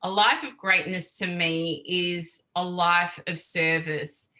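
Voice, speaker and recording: Woman, lowish pitch, bright tone, expressive, casual podcast guest. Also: slow pace, poor audio. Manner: emotional, openly expressive, laughs easily. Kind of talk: casual interview chat.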